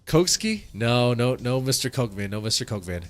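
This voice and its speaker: A man's voice: medium pitch, sing-song, a little fast, soft background music. A man hosting a casual live-stream reaction, rambling and repeating himself as he talks to his chat, congested from allergies.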